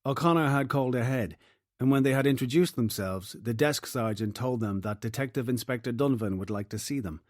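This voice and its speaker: A man reading a crime novel as narrator in a steady, even manner. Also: mid-range voice, a little fast, dry recording, clean studio sound. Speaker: audiobook narrator. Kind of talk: scripted narration.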